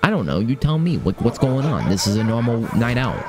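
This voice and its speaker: Excitable young man narrating his gameplay. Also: medium pitch, brisk. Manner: excitable, swears, talks to himself. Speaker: gaming streamer. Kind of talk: live let's-play commentary.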